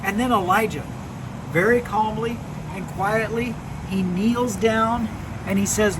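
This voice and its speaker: High-voiced man telling kids a Bible story. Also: a little slow. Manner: animated, repeats words while telling. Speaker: children's ministry storyteller. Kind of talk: Bible story told to children. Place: outdoors in a backyard by a fire pit. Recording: noisy outdoor recording.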